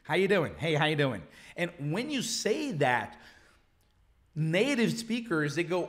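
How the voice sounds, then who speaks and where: A Brazilian man with a Brazilian Portuguese accent teaching a live English lesson. He repeats phrases slowly and mixes in explanations in his native Portuguese. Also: a little high, sing-song, a bit bright.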